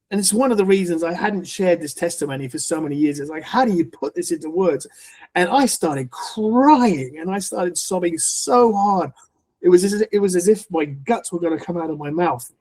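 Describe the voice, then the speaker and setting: Earnest middle-aged man, slightly high voice. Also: darkish tone, slightly rough. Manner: earnest, halting storytelling with frequent restarts. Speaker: podcast guest. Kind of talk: personal faith testimony in an interview.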